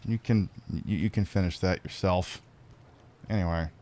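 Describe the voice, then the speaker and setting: A man's voice: sits low, fairly even intonation, normal speed, dark tone, soft background music. An American man chatting casually while streaming a game, rambling and stammering through restarts. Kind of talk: casual chat while gaming.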